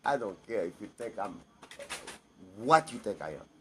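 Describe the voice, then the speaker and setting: A man's voice: lowish voice, big pitch swings, normal speed, a little hiss or hum. A man giving a blunt, emphatic personal monologue to camera, repeating himself for stress.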